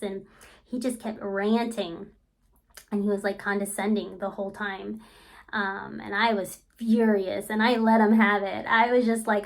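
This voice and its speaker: Chatty higher-voiced woman vlogger. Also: steady tone, measured pace. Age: adult. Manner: rambling, filler-heavy, frank. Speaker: language-learning vlogger. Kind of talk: casual chatty review.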